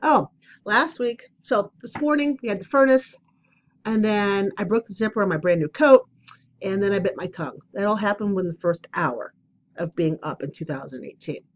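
A woman's voice: mid-range voice, animated, moderate pace, muffled recording, a little hiss or hum. A woman chatting casually at home for her vlog, rambling and self-deprecating as she tells stories before an oracle card reading. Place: at home, indoors.

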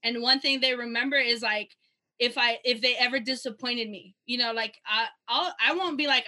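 A woman's voice: fairly high pitch, normal speed. A woman coach talking casually about coaching and parenting, with lots of fillers and a voice that drops off at the end of a point. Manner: chatty, many fillers, drops softer at ends of points. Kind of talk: casual podcast chat.

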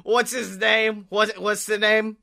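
A podcast host telling an improvised comedy story in a rambling, profane, excitable way. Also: mid-range voice, slow, vocal fry.

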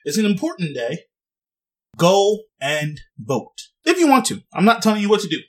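High-pitched guy ranting casually, sarcastic, laughs at his own jokes. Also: huge pitch swings, moderate pace, recorded from a distance. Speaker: vlogger. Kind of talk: casual spoken commentary.

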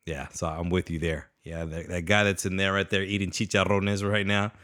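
A man co-hosting a casual podcast chat, excitable and slangy, acting out his own reactions. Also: deep voice, normal speed. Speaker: podcast co-host.

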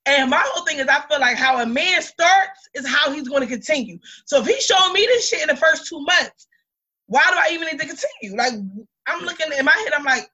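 A woman in her thirties co-hosting a podcast, telling a story in blunt, lively chat with lots of swearing. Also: high-pitched, fairly quick, dull audio. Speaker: podcast co-host. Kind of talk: casual chat.

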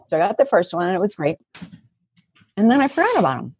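A woman's voice: medium pitch, big pitch swings, fast talker, darkish tone, breathy edge. A woman guest on a casual podcast, telling stories animatedly, laughing often and acting out her own thoughts. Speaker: guest coach.

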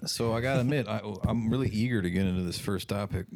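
A man co-hosting a casual podcast from a living room, joking and animated. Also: on the low side, quick pace, a little hiss or hum. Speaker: podcast co-host. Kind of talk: casual chat.

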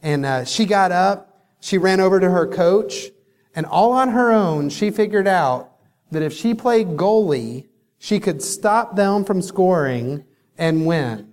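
Male keynote speaker, high-pitched and emphatic, motivational storytelling, reverberant hall sound. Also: animated, a little mellow. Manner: emphatic, storytelling with dramatic pauses.

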